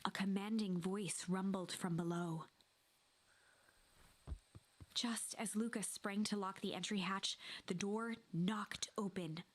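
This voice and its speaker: A woman narrating a game like a storybook, in a hushed, breathy, whispery voice. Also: medium pitch, steady tone, unhurried, slight background noise. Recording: game audio with faint music.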